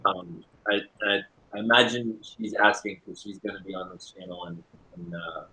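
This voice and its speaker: A man hosting a live-streamed interview and reading questions from the chat, hesitant with many ums, often trailing off quietly. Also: sits low, level tone, normal speed. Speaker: livestream host. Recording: echoey room.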